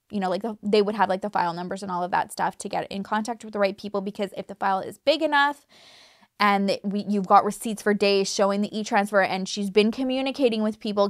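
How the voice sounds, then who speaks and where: A woman's voice: medium pitch, smooth, no echo. Chatty woman vlogger, dry close sound. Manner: chatty, emphatic, many fillers and restarts. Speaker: YouTube true crime creator. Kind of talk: casual talk to camera.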